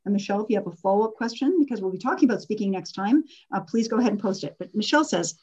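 A woman's voice: medium pitch, animated, racing, hardly any pauses, mellow, slightly rough, lo-fi sound. A middle-aged woman hosting an online workshop, talking candidly and casually with fillers and laughs. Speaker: workshop host and coach.

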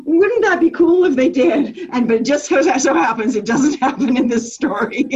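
A woman's voice: high voice, lively intonation, normal speed, darkish tone, slightly rough, dull audio. A woman leading a business coaching group call, enthusiastic and affirming, laughing often as she talks.

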